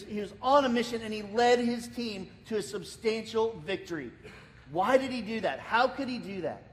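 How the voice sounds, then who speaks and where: An American man preaching a sermon as pastor, telling a story with lots of repeated words and restarts. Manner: lively storytelling, acting out the people in it. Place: church sanctuary. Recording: reverberant church hall, faint rumble.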